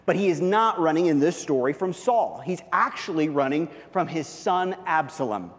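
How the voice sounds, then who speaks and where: A man with a fairly high voice preaches a sermon in an easy, conversational way, leaning on fillers and asides. His voice rings with the long reverb of a large hall. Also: lively intonation, normal speed. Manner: conversational, heavy use of fillers. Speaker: pastor.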